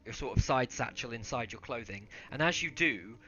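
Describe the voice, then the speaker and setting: A man narrating a tabletop game as game master, relaxed and hesitant with many ums. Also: medium pitch, normal speed, muffled recording, faint music behind.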